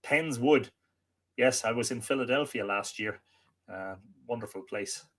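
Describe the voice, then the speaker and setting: An Irish man hosting a live stream, reading out viewer comments and greeting each person by name, friendly, with halting restarts. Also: mid-range voice. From Ireland. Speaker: livestream host.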